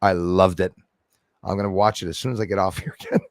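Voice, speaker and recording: A deep-voiced man talks fast with fairly even intonation, no room sound behind him. He hosts an easygoing livestream, reading chat out loud, laughing, and poking fun at himself.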